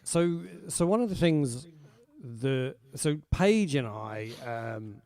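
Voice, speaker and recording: A man's voice: mid-range voice, lively intonation, takes it slowly, a little mellow. A man hosting a casual music chat over a video call, joking with his guests. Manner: joking, chatty. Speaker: host.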